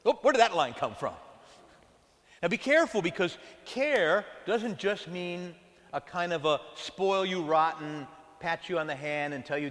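A man's voice: high voice, unhurried. A man preaching a sermon as pastor, calling out to his congregation and asking if they are praying with him. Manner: animated preaching, calls out to the congregation. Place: church sanctuary. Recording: long hall reverb.

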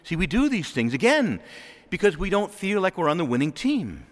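A man preaches a homily in a lively, sing-song voice that swoops high and low. He is a priest acting out little scenes and chuckling between points. The sound carries a long reverb from the church around him. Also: moderate pace. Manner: animated, acts out quoted voices, chuckles often.

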